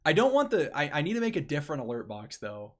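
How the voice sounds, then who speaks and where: A man's voice: a little high, wildly swooping pitch, fast talker. Young man rambling on a live stream. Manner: rambling, restarting phrases, talking to chat. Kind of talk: casual live-stream chat.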